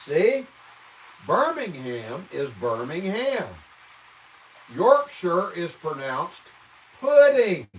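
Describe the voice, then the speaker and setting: This man's voice sits high, with big pitch swings and a slightly bright quality; he talks slowly and leaves long pauses. He's a Midwestern American hosting a relaxed livestream at home indoors, firing off profane, fake-outraged responses to viewer comments. He's a bit far from the mic, and a little hiss or hum comes through.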